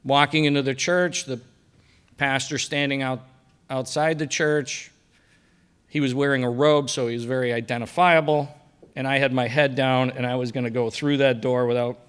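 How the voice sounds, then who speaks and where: A middle-aged man giving a personal faith testimony at a breakfast event, telling his story and dropping quiet for quoted lines. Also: mid-range voice, clean tone. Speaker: guest speaker sharing testimony. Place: banquet hall at a breakfast event.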